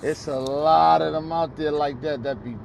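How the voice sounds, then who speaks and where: A man in a casual group chat who talks in an animated, slangy, disbelieving way. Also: on the high side, normal speed, vocal fry, slight background noise.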